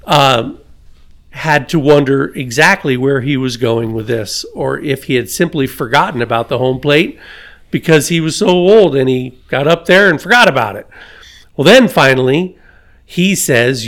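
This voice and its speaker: A man's voice: medium pitch, animated, moderate pace, fairly bright tone. A man hosting a podcast, reading a story aloud with his own asides and chuckles. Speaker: podcast host.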